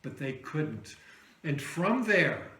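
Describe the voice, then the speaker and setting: High-voiced preacher man in a roomy hall. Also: very animated, slow. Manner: storytelling preacher, dramatic drops to soft voice for quoted words. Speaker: pastor. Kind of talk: Easter sermon.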